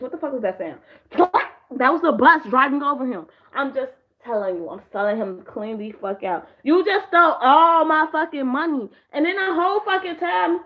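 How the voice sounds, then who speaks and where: Tipsy girl ranting about shows, high pitched, cussing a lot, doing little voices. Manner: rambling, profane, animated impressions. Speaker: vlogger. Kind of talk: casual drunk show recap. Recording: dull lo-fi home video audio.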